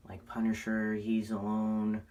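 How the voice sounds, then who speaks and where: Guy with a lowish voice rambling about his toy figures, excited and kinda self-mocking. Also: unhurried, dull audio. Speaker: toy collector vlogger. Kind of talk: casual rambling vlog.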